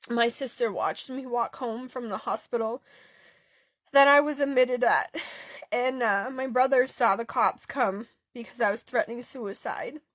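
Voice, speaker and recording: A young woman telling a personal story through tears, halting and stopping often with fillers and pauses. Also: a little high, a bit bright, no echo, clean studio sound. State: tearful, voice breaking. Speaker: author sharing a personal story. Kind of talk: emotional personal testimony.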